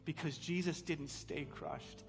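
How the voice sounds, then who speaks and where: A pastor preaching a sermon, telling a story earnestly and building to fervent emphasis. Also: male voice, a little high, unhurried, creaky, big-room sound, soft background music.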